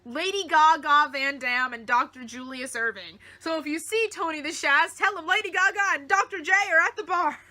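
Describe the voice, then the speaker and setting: A woman with a very high, piercingly bright voice gushes through an excited fan review. She talks with giggly, breathless enthusiasm, as if she can barely contain herself. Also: normal speed, few pauses. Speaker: TV episode reviewer.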